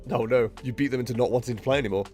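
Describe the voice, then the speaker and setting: A man's voice: medium pitch, fairly even intonation, racing, a little mellow, faint music behind. A man at home streaming a card game, chatting casually in a rambling, self-mocking way. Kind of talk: casual live-stream commentary.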